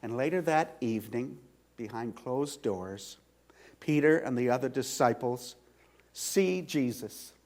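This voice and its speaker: A male pastor preaching a sermon in a church, retelling a story slowly with dramatic swings from loud to hushed. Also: mid-range voice, lively intonation. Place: church sanctuary.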